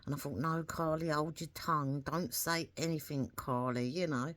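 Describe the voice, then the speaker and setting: Lower-voiced rambling woman. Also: fairly even intonation, normal speed, fairly bright tone, no echo. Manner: rambling, chatty, acts out her own quoted words. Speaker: vlogger. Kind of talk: casual storytelling to camera.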